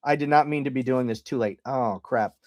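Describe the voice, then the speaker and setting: A man's voice: mid-range voice, fairly quick, dry recording, studio quality. A man hosting a podcast livestream, talking casually, swearing freely and mixing jokes with serious points. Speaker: podcast host.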